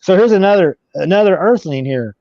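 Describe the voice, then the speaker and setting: A man's voice: high-pitched, lively intonation, a little fast, warm tone, no room sound. A man telling a long story as an interview guest, rambling with many restarts. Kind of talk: casual storytelling. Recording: dull lo-fi recording.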